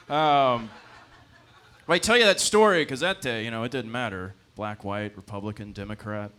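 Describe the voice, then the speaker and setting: Animated man doing stand-up. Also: mid-range voice, normal speed. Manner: loose, profane storytelling full of fillers. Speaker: stand-up comedian. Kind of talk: stand-up comedy set. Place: comedy club stage.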